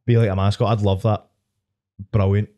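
A man's voice: on the low side, little pitch movement, normal speed, warm tone, dull audio. A Scottish man in his twenties, hosting a podcast and telling a long, rambling, sweary story in casual chat. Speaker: podcast host.

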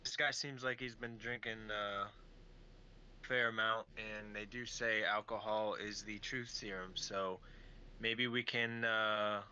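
A man speaks as a tabletop player in a low voice that has a sharp, tense edge. He lays out ideas at a measured pace. The sound is dull and lo-fi with faint background noise. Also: little pitch movement. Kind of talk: casual tabletop game talk.

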